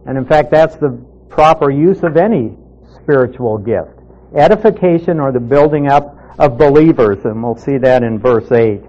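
Man teaching Bible, mellow dull recording. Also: fairly high pitch. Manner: steady, methodical teaching with reading aloud. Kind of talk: Bible study lesson.

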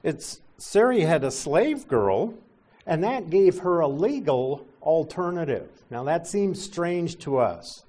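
A middle-aged male pastor teaching a sermon, explaining scripture with gentle asides. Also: a little high, big pitch swings, takes it slowly.

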